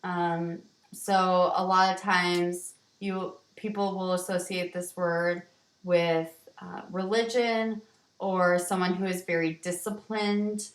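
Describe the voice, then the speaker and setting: A woman teacher walking students through vocabulary words in a slow, explanatory way, with ums and restarts. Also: fairly low pitch, steady tone. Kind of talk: vocabulary lesson walkthrough. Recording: roomy, distant from the mic.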